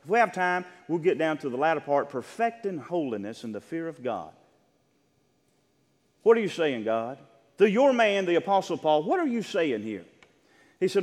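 A man's voice: on the high side, sing-song, moderate pace, big-room sound. A man preaching a sermon with impassioned, rhythmic delivery, reading scripture and addressing the congregation.

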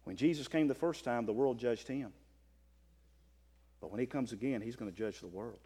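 A man preaching a sermon as pastor, swinging from impassioned near-shouting to calm scripture reading. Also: medium pitch, normal speed, breathy edge. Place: church. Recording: long reverb of a church hall.

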